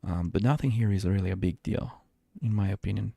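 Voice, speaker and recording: A man's voice: lowish voice, fairly quick, gravelly, dark tone, no room sound, studio quality. A man streaming a space game, talking to himself in a rambling way with many restarts. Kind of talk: live gameplay commentary. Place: home.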